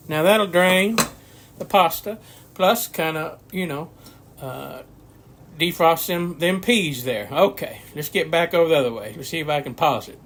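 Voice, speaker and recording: Man in his 60s, home cooking host, folksy rambling talker, bright tone, faint background noise. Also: on the high side. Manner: folksy rambling storyteller, chuckles often. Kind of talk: casual cooking video chat. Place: home kitchen.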